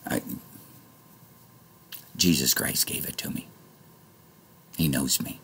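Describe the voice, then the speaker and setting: A man vlogging a rambling monologue to his viewers, swinging from low muttering to angry shouting and swearing often. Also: takes it slowly, slight background noise.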